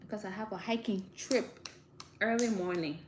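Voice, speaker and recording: A woman talking casually to viewers, giving direct, animated advice and laughing often. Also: medium pitch, normal speed, noisy background. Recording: roomy echo, faint ambience.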